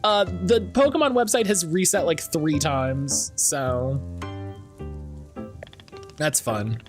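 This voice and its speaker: A man's voice: a little high, takes it slowly, long pauses, faint music behind. A man commentating a live game stream in a rambling, joking way, often repeating himself.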